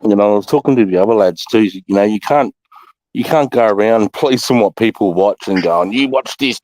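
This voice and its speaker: A man's voice: lowish voice, darkish tone, no echo, poor audio. An Australian man hosting a livestream, rambling through a casual chat with plenty of swearing. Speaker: livestream host.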